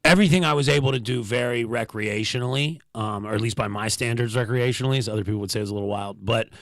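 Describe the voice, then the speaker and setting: A man's voice: medium pitch, quick pace, fairly bright tone, no room sound. A man, a stand-up comedian, chatting casually as a podcast guest, telling loose stories with slangy asides and laughs. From Pittsburgh, USA.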